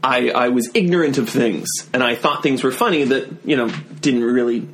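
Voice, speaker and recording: This man spins a story as a podcast guest, circling back with restarts and laughing at himself. His pitch sits right in the middle for a man, and a faint hiss runs under the talk. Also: moderate pace. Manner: rambling storyteller, many restarts, self-deprecating. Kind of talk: casual podcast chat.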